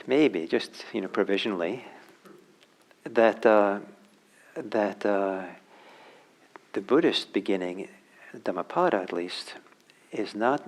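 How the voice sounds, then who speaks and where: A man teaching meditation in a slow, unhurried dharma talk. His voice sits low and he pauses often, restarting phrases and filling gaps with soft hesitations. Key words sink into a hushed near-whisper. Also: gravelly, rough recording. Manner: halting, reflective, many fillers and restarts. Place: meditation center hall.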